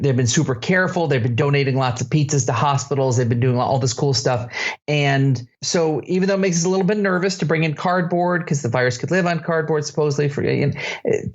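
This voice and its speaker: A man co-hosting a comedy podcast, telling a story in casual chat and breaking into shrill, shouted quotes of himself. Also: dull audio. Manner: animated storyteller, jumps to shrill shouting when quoting himself. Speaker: podcast co-host.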